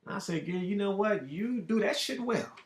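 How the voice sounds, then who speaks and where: A man with a high, gravelly voice swings his pitch all over as he tells a story in a loose, casual monologue. He is profane and emphatic and talks in bursts. The room leaves a clear echo on his voice. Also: lively intonation, moderate pace. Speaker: show host. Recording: roomy echo.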